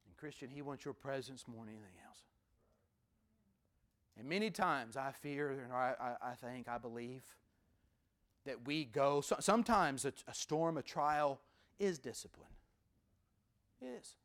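A man preaching a sermon as pastor, with rhythmic repetition and sudden drops from loud to hushed. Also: mid-range voice, measured pace, long pauses.

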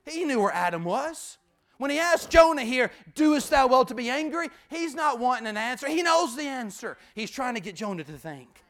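A man preaching a sermon as pastor, emphatic, repeating key phrases and sometimes dropping to a hushed voice. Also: very high-pitched, big pitch swings, normal speed.

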